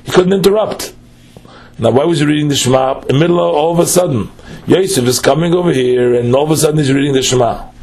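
A man's voice: fairly high pitch, fast, a little mellow. A man, teaching a text study lesson: he reads phrases aloud, then explains them line by line with patient questions.

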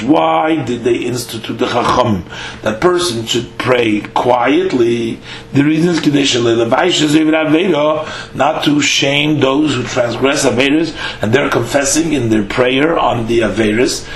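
A man teaches a Talmud lesson, reading each line aloud and then explaining it, pausing often on "uh." His voice sits at an ordinary middle pitch. The recording is roomy and echoey, with a faint hum underneath. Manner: reads Aramaic lines then explains, with halting fillers.

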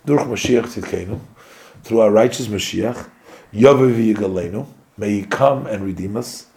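A man interpreting a religious discourse phrase by phrase. He speaks in short, halting fragments with pauses and restarts. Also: on the low side, mellow.

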